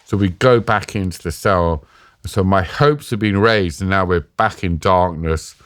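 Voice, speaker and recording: A middle-aged British man tells his story as a podcast guest in a low voice, recorded close and dry. He talks vividly, stops and restarts his sentences, and acts out what other people said. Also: measured pace, a bit bright, clear, resonant tone, no room sound. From Britain. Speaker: podcast guest, war journalist. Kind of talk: casual storytelling interview.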